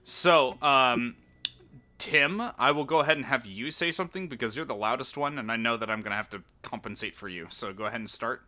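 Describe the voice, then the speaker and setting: Laid-back young game master, bright voice. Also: male voice, mid-range voice, brisk. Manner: laid-back, laughing, loose. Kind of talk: casual chat on stream.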